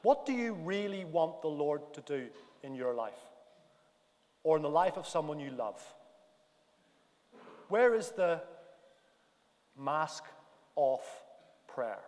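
A man preaching a sermon in a big church, animated and building to near-shouts at his emphatic points. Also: fairly high pitch, takes it slowly, long pauses, big-room sound.

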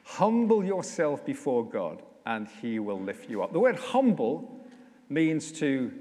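A man, a vicar, preaching a conversational sermon with humour, slowing down to stress key lines, in a church. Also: a little high. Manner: conversational, humorous, slows down for emphasis. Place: church, indoors. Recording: echoey church hall.

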